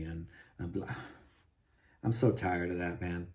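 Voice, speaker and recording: Frustrated man venting, mellow low voice. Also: fairly even intonation, unhurried. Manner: frustrated, rambling, many restarts and "you know". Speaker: guitar vlogger. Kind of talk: casual venting monologue.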